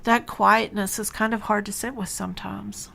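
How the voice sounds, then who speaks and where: A woman hosting a reflective spiritual podcast, talking in an unhurried, musing way with sighs and soft laughs. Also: mid-range voice, flat delivery, gravelly. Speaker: podcast host and spiritual teacher.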